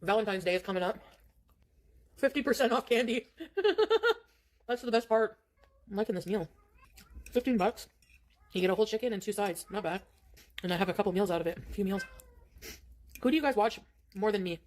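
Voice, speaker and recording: A woman's voice: medium pitch, quick pace, pauses often, darkish tone. A middle-aged woman chatting on her own stream while eating, in a rambling way.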